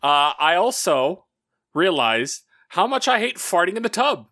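A man co-hosting a podcast, rambling through a profane, animated story in casual banter. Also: high-pitched, unhurried, no echo. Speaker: podcast co-host.

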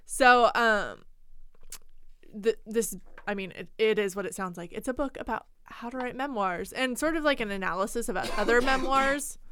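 A woman's voice: fairly high pitch, moderate pace, a bit bright, clean tone. A young adult woman co-hosting a podcast, chatting casually about books, laughing often and reading quotes aloud. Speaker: podcast co-host. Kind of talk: casual book chat.

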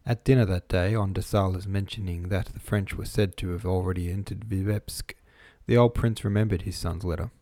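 A man narrating an audiobook in a measured, even reading voice, recorded close to the microphone. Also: low-pitched, no room sound.

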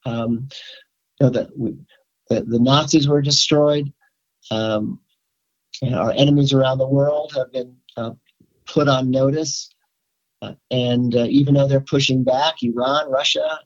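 An older man speaks as a rabbi in a casual interview, pitched at an ordinary middle height. He stops and restarts often, filling gaps with "um" and "uh". The sound is dull and lo-fi. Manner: halting, many fillers and restarts. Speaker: rabbi, podcast guest.

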